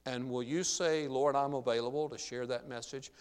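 A man's voice: medium pitch, steady tone, normal speed, clear, resonant tone. A man preaching a sermon in an earnest, emphatic way, his voice rising when he quotes Scripture. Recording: long reverb of a large hall.

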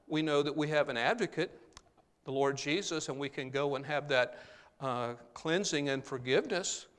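A man's voice: on the high side, fairly bright tone. Preaching man in a reverberant hall. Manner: earnest preaching with frequent "uh, there" tags. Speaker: pastor. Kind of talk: sermon.

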